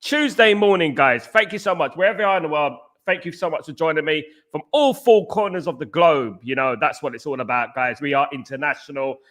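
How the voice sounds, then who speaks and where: A man hosts a casual football fan show, his voice high and bright with a keen edge. He is animated and repetitive. He keeps calling his viewers guys. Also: brisk, hardly any pauses. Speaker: fan channel host. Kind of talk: casual football chat livestream.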